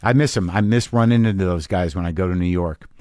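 A man's voice: deep voice, quick pace, a little mellow, no room sound, clean studio sound. A middle-aged man hosting a podcast, reading listener emails aloud and riffing in a loose, profane, rambling way with lots of restarts. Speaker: podcast host.

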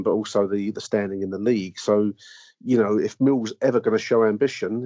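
A man's voice: on the low side, darkish tone, no room sound, dull audio. A man hosting a casual football podcast, rambling with lots of fillers and restarts. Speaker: podcast host.

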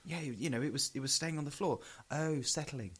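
A man's voice: fairly high pitch, brisk, fairly bright tone, husky. A man co-hosting a podcast in sweary, rambling casual chat. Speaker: podcast co-host.

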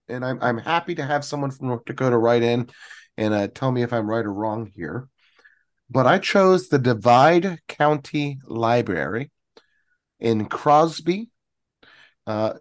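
A man co-hosting a casual podcast, rambling through a story of local history with plenty of fillers and self-corrections. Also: mid-range voice. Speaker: podcast co-host.

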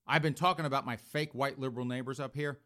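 A man's voice: mid-range voice, fairly even intonation, fast talker, a bit bright. A man in his fifties giving sarcastic, opinionated news commentary, often addressing his audience as folks. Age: 50s. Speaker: political commentator.

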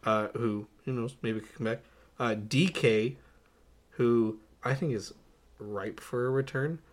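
A young man co-hosting a casual movie podcast, going through his notes with lots of "uh"s, laughing often and getting animated. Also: mid-range voice, measured pace. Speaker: podcast co-host. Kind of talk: casual movie-review chat.

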